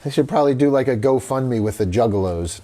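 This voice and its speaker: A man hosting a live horror news stream at a middle pitch. He rambles casually and laughs easily, breaking off to greet viewers in the chat by name. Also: lively intonation, brisk, warm tone.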